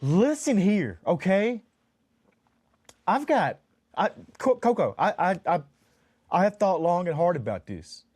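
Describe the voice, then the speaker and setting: A man's voice: high voice, sing-song, a little slow, pauses often, a little mellow, husky, dry recording. A man co-hosting a podcast, ranting in mock exasperation and counting off his points in a casual chat. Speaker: podcast co-host.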